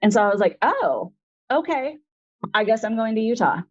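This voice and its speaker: A woman's voice: fairly high pitch, very animated, normal speed, highs cut off. A woman in her forties, an interview guest, telling a personal story in a rambling, frank way full of fillers.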